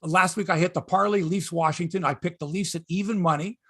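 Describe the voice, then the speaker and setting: A high-voiced middle-aged man with a husky edge hosts a casual sports podcast. He sounds excitable and rambles from topic to topic. The sound is dry and close. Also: brisk, no room sound. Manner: excitable, jumps between topics, chuckles and trails off.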